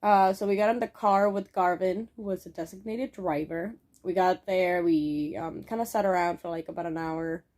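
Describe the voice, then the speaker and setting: A woman's voice: on the low side, moderate pace, few pauses, darkish tone. Rambling young woman vlogger. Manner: rambling, lots of fillers and swearing. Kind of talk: casual storytelling vlog.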